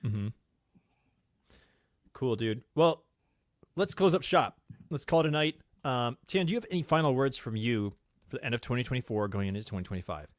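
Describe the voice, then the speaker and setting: Relaxed rambling podcast co-host man. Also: mid-range voice, moderate pace, pauses often, dry recording, studio quality. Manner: relaxed, rambling with fillers, enthusiastic about rockets. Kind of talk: casual livestream chat.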